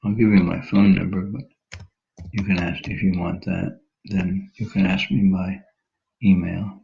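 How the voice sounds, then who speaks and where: Low slow guy on a muffled video call, pausing a lot while he figures stuff out. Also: little pitch movement, creaky, dark tone, slight background noise. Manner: slow, hesitant, thinking aloud. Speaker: class leader. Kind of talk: casual closing remarks on a video call.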